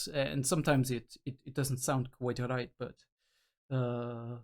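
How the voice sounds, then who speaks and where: A man's voice: medium pitch, steady tone, measured pace, a little mellow. A young adult man hosting a reaction video, musing aloud in a casual, rambling way with many fillers and restarts.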